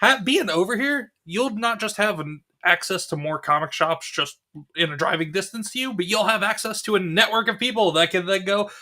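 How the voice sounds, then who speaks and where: A man's voice: high-pitched, moderate pace, pushed and bright. A man hosting a casual live chat, upbeat and talkative with frequent laughs. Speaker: host.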